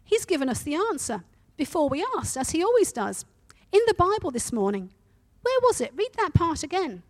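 A woman preacher voicing a calm, faithful older sister who speaks serenely and matter-of-factly while reading a story aloud. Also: sits high, measured pace, no room sound, voice pushed up. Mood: earnest.

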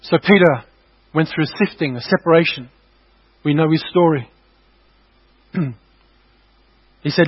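A man with a notably high voice preaches to his congregation, hammering his points home through repetition. He speaks as a pastor in a church service. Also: measured pace, pauses often, slightly rough, rough recording. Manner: emphatic, repetitive exhortation to the congregation. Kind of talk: sermon.

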